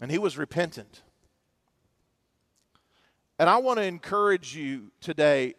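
A man delivers a sermon to his congregation in a noticeably high voice. He swings from loud emphasis down to hushed passages. The sound is close and dry, with no room echo. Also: lively intonation, measured pace, long pauses. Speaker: pastor. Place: church.

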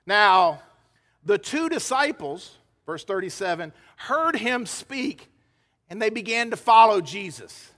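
Male pastor preaching, high bright voice, long hall echo. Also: sing-song, slow. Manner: emphatic preacher, acts out quoted dialogue. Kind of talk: sermon. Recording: hall reverb.

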